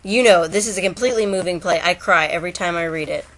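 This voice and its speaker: A woman's voice: fairly low pitch, fast. A young woman chatting casually to her camera at home, rambling, with restarts and asides. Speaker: vlogger. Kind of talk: casual chat.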